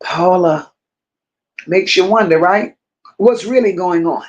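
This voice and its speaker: The recording has its highs cut off, and the woman's voice is lowish. Hosting a live stream, she reads viewer comments aloud and answers them slowly, repeating phrases for emphasis and speaking to viewers like close friends.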